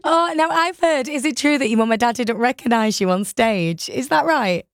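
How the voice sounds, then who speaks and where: A woman radio presenter interviewing a guest, enthusiastic and quick to laugh. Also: a little high, lively intonation, no room sound, studio quality. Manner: enthusiastic, warm questions, laughs easily.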